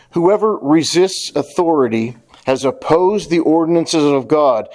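A man's voice: on the high side, darkish tone. A pastor preaching a sermon to his congregation, speaking earnestly and directly to the church and repeating key phrases for emphasis.

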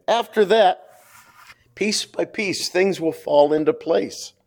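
Male pastor, sermon delivery, emphatic and repetitive, fairly high voice. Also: lively intonation, a little slow, a little mellow. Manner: emphatic, repeats points, asks the congregation "right?".

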